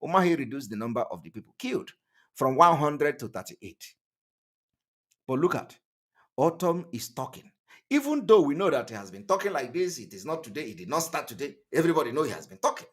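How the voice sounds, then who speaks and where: A man hosting an online channel, delivering emphatic, repetitive political commentary that rises to loud outbursts. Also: fairly high pitch, sing-song, a little fast, breathy edge. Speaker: online TV host.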